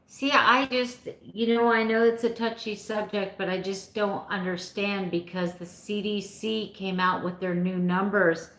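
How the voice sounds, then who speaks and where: A woman's voice: mid-range voice, steady tone, a little slow, few pauses, fairly bright tone. A woman in her fifties chatting casually with her live viewers, rambling a little and laughing often. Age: 50s. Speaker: vlogger answering live chat. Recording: echoey room.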